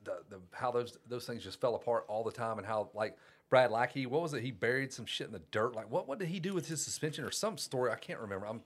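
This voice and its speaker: A man chatting casually in an easygoing mid-pitched voice. He rambles, trails off, laughs often and drops casual curses. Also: lively intonation, quick pace, husky. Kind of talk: casual podcast chat.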